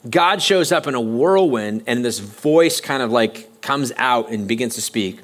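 A man's voice: mid-range voice, expressive. A man preaching a sermon as pastor, talking conversationally and often stopping to restart his sentences. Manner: conversational, halting with frequent restarts. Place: church sanctuary.

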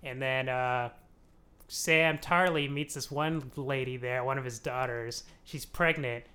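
A young man recapping a show on a comedy podcast in a loose, rambling way. He laughs often and drops into quick voices for the characters. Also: mid-range voice, steady tone, pushed and bright. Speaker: podcast host explaining a TV show.

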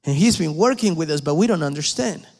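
A man preaching a sermon, emphatic and pleading, dropping at times to hushed whispers. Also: fairly high pitch, animated, brisk, creaky, long reverb tail.

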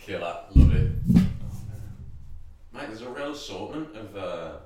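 A man's voice: lowish voice, lively intonation, a little slow. A man acting as judge, joking and laughing sardonically. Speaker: co-host judge. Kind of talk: comedic banter. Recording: echoey room, distant mic, background noise.

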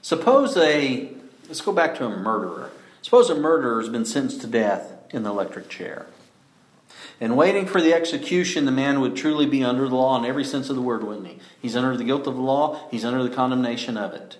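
A man preaching a sermon, emphatic, often asking rhetorical questions and slowing down to stress key words. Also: medium pitch, lively intonation, echoey room.

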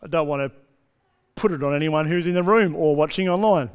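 A man preaches in a relaxed, conversational style, often checking that his listeners are following. His voice sits high and sounds smooth and resonant. The sound rings with the long reverb of a church hall. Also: fairly quick. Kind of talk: sermon.

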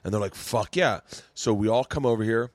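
A man's voice: fairly low pitch, a little fast, no echo. Laid-back male comedian guest, dry mic. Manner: relaxed, chimes in with frequent "yeah". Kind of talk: casual storytelling chat.

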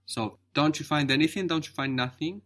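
A man's voice: fairly high pitch, a little fast, fairly bright tone. A man teaching a spoken language lesson, patiently explaining and modeling each word carefully.

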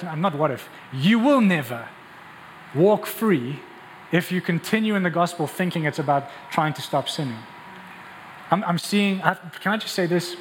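A man preaching with a fairly high voice, pressing his points with rhetorical questions and quick restarts. His voice rings with a long reverb through a large church hall, over a faint ambience. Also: a little hiss or hum. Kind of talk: sermon.

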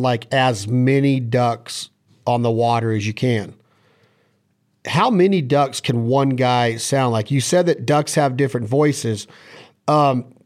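A man's voice: a little high, a little mellow. A man hosting a podcast, asking curious, long, winding questions. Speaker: podcast host. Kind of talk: podcast interview.

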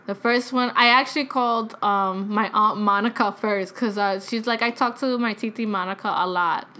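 A woman's voice: medium pitch, steady tone, moderate pace, pushed and bright. A young woman in her twenties telling a rambling story in casual chat, full of filler words and swearing. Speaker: vlogger.

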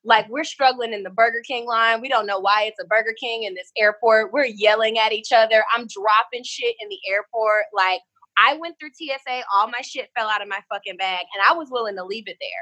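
A woman's voice: on the high side, a little fast, bright, forceful tone. A woman co-hosting a casual podcast, telling a rambling, profane story full of "like".

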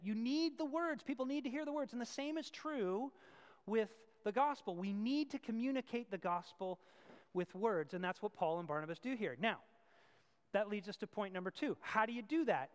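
A male pastor preaching a sermon, switching between loud emphatic points and quiet asides. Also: high voice, in a large hall.

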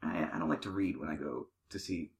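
A man playing an eager, awkward talk show host who is blunt and quick to apologize. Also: rumbling low, roomy sound. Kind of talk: improvised comedy sketch.

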